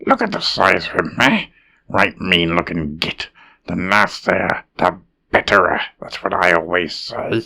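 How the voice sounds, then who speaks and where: A man voicing a small, loud, bossy male goblin who squeaks and shouts orders. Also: animated, a little slow, gravelly, heavily acted.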